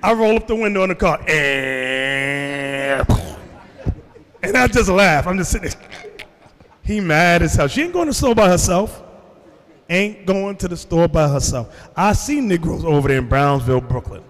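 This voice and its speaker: With a fairly high voice that swings widely in pitch, a man preaches to his congregation at a moderate pace. He brings his stories to life by acting out voices, and a long reverb from a big hall hangs on every word.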